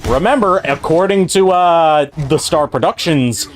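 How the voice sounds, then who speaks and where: A man's voice: fairly high pitch, slight background noise. A man hosting a game stream, chatting casually with friends, rambling and swearing as he talks. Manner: rambling, profane, talks through pauses. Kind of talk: casual chat over gameplay.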